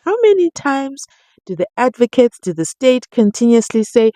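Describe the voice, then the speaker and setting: Excitable woman vlogger. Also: a little high, normal speed, dry recording, studio quality. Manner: excitable, exclaiming, playacting quotes. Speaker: commentary vlogger. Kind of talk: animated reaction commentary.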